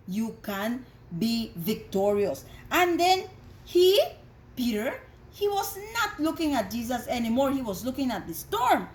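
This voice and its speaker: A woman teaching a Bible story to children, animated, with dramatic gasps. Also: very high-pitched, a little hiss or hum. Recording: echoey room.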